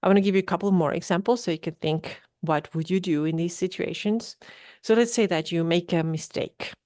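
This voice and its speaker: Woman podcast host, lowish voice, dry close sound, coaching tone, keeps asking "right?". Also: brisk, mellow, dry recording. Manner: coaching, repeats "right?" often. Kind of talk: solo podcast talk.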